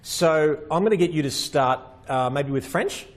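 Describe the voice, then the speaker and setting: A man's voice: a little high, expressive, normal speed. Joking man hosting a seminar. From Greece. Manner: joking, playful banter. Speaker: webinar host. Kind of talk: casual live seminar chat.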